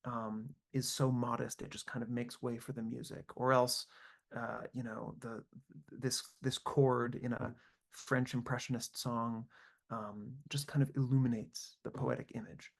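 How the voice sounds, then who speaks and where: Male composer, online lecture, gravelly vocal fry, mid-range pitch, thoughtful and searching, computer mic. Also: flat delivery, unhurried. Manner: thoughtful, searching, with frequent fillers and restarts. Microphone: computer mic on a video call.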